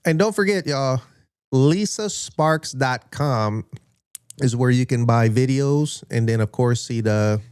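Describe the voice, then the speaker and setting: A man hosting a podcast in a relaxed interview style, often filling in with "you know" and "um". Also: medium pitch, slow pace, clear, resonant tone, dry recording, clean studio sound. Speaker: podcast host. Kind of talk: casual interview.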